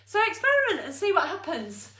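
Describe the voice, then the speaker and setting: A woman's voice: very high-pitched, wildly swooping pitch, brisk, sharp tone. Breathless, upbeat woman fitness instructor. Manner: upbeat coaching, counting down, laughing at herself. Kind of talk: live online exercise class. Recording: roomy echo, from a distance.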